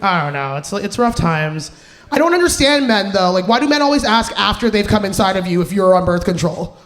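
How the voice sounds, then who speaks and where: A woman performing a live stand-up comedy set, animated and profane, acting out the men she has dated. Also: medium pitch, fairly quick. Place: cinema stage before a live audience.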